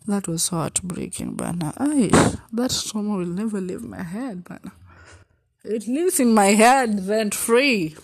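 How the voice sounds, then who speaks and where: A young woman with a Kenyan accent tells a personal heartbreak story, swinging between loud exclamations and hushed asides and slipping in Swahili. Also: mid-range voice, measured pace, creaky, slightly rough. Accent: Kenyan English. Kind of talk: emotional storytime vlog.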